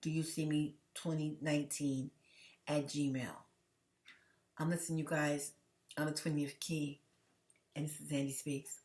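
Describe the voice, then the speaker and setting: A woman's voice: low voice, flat delivery, measured pace, pauses often, a little mellow. A woman host from the United States talks straight to her viewers in an earnest, emotional way, often stopping and restarting her sentences. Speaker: channel host. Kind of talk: direct-to-camera commentary vlog. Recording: echoey room.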